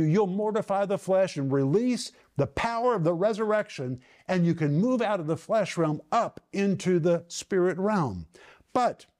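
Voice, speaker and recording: A man teaching the Bible on television with a high-pitched voice that still sounds dark and mellow. He speaks earnestly and with emphasis, and often puts rhetorical questions to the listener.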